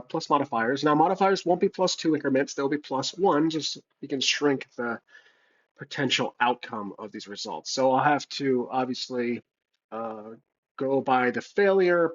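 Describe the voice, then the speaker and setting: A man's voice: mid-range voice, moderate pace, highs cut off. A man playing a solo tabletop game, thinking aloud with fillers and self-corrections as he writes and rolls dice. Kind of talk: casual solo game narration. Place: home room with a cat.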